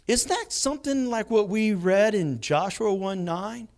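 A man preaching a sermon, swinging between hushed moments and loud bursts. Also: high voice, unhurried, hardly any pauses. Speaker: pastor.

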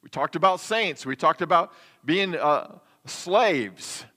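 A man's voice: on the high side, animated, takes it slowly, sharp tone. A man preaching a sermon as a pastor, in a conversational style with rhetorical questions. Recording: long hall reverb.

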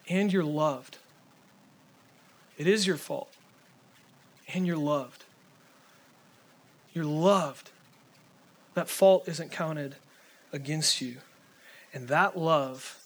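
A man preaching a sermon in a casual, conversational way, full of fillers, swinging between urgent pleading and hushed intensity. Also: a little high, takes it slowly, pauses often.

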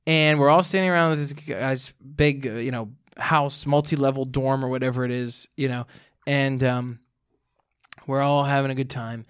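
A man's voice: mid-range voice, moderate pace, clear, resonant tone. A young man telling a rambling college story in casual chat, full of "like" and acted-out dialogue. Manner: rambling, animated storyteller with lots of "like".

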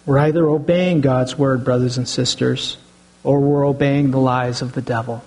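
A man's voice: medium pitch, steady tone, normal speed, darkish tone, poor audio. A middle-aged man, a pastor, preaching an earnest sermon and often addressing the congregation as brothers and sisters.

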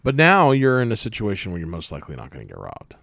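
A man's voice: lowish voice, wildly swooping pitch, quick pace, vocal fry, fairly bright tone, no echo. A man hosting a casual podcast, joking and teasing his co-host as he talks.

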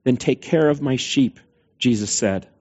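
A man's voice: mid-range voice, measured pace, darkish tone, breathy edge, dull audio. A man preaching a sermon, retelling scripture in a conversational way with quoted dialogue. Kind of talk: sermon storytelling.

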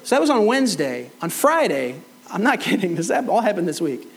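A man's voice: high voice, sing-song, brisk, gravelly, low-quality recording. A middle-aged man preaching a sermon, telling a personal story and acting out both sides of the conversation. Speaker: pastor. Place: church hall.

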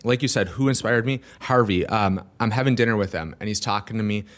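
A Minnesota entrepreneur appearing as an interview guest tells a story in a fairly low, brisk voice. He's a lively storyteller, acting out the dialogue of the people involved.

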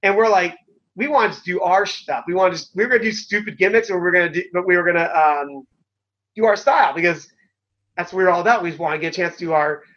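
A man's voice: sits high, fast, a bit bright. A middle-aged man, a former pro wrestler, telling stories in a casual, rambling way, full of fillers and the odd swear word. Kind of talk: casual storytelling. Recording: dull lo-fi sound.

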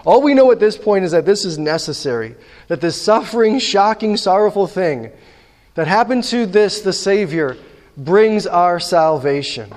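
Guy preaching a sermon, kinda high voice, acts out the stories, long echo like a big church. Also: normal speed. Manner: animated storytelling, acting out dialogue. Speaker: pastor. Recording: long hall reverb.

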